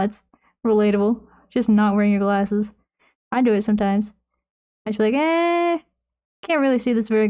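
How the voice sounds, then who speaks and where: Mellow-voiced woman streaming casually. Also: fairly high pitch. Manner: playful, swears freely, chatty. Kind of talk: casual chat while painting.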